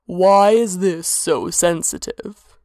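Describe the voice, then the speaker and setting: A woman voicing a curious, slow-speaking tentacled male god with a dry manner. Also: lowish voice, darkish tone, no echo. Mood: musing.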